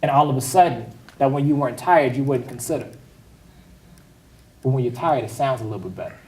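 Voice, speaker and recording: A man's voice: medium pitch, brisk, a little mellow, recorded from a distance. A man preaching a conversational sermon as pastor, speaking casually and making joking asides to the congregation. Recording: echoey hall, voice picked up from afar.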